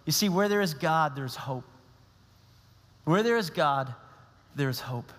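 A man's voice: a little high, animated, slow pace, a bit bright, in a large hall. A man preaching a sermon as pastor, impassioned, building to emphatic declarations. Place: church.

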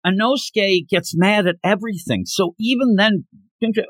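A man co-hosting a casual manga discussion podcast, retelling scenes in an animated way and acting out the characters' lines. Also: high voice, moderate pace, no room sound. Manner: animated retelling with acted-out quotes. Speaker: podcast co-host.

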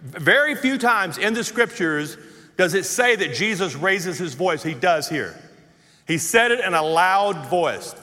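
A man's voice: high-pitched, animated, a little slow, pushed and bright. A male preacher delivering an impassioned sermon, repeating phrases for emphasis. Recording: long hall reverb.

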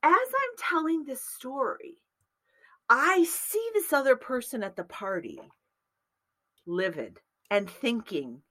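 A woman's voice: high-pitched, takes it slowly, rough recording. A woman in casual chat, animatedly telling a long personal story and acting out the voices of the people in it. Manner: animated, acts out quoted voices, laughs through lines.

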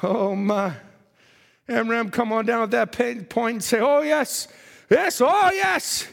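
A man preaching a sermon, storytelling and acting out biblical characters, swinging from shouts to hushed asides. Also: very high-pitched, slow pace, vocal fry. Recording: long hall reverb.

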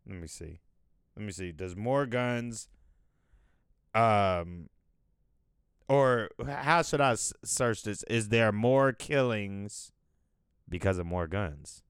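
A man from the United States rambling through casual commentary, thinking aloud and swearing freely. His voice is smooth and resonant, and he takes his time with each thought. The sound is close and dry, with no room echo. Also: lowish voice, expressive, takes it slowly, pauses often. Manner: loose, profane, thinking aloud. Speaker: podcast host.

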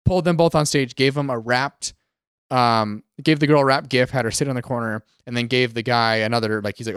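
A man, co-hosting a casual gaming podcast and retelling events in an animated way. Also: medium pitch, fairly quick, clean tone, no echo, clean studio sound. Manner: animated storyteller, acts out quotes. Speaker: podcast co-host.

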